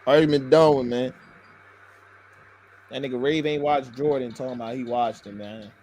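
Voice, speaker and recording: A man panelist arguing loudly in a heated sports debate, taunting and profane. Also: medium pitch, fairly even intonation, normal speed, slight background noise.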